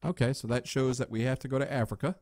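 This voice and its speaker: A man casually commenting as he plays an old adventure game, relaxed and chatty, with jokey asides. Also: medium pitch, quick pace, no room sound, clean studio sound. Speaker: let's play host.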